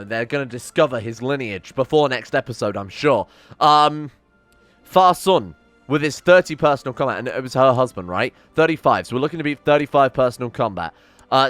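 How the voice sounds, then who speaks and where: A man's voice: mid-range voice, fairly bright tone, no echo. A young man giving casual, exasperated game commentary, swearing and ranting theatrically. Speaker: game streamer.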